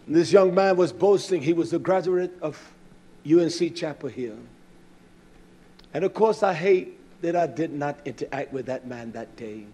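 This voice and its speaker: A man preaching a fiery sermon, swinging between shouted declarations and hushed asides, acting out conversations. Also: a little high, normal speed, hardly any pauses, breathy edge.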